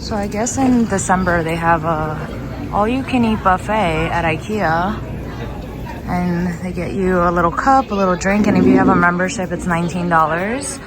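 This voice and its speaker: A woman's voice: on the low side, moderate pace, crowd noise. A young woman vlogging casually, chatty and upbeat, with lots of fillers. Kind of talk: casual vlog narration. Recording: background music under voice.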